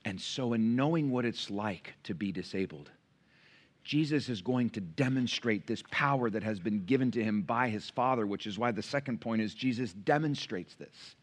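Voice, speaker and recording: A man with a lowish voice speaks at a normal speed, preaching a sermon from the pulpit of a church sanctuary. As a pastor, he tells stories in an animated way and acts out the voices of the people in them. A pulpit mic picks him up.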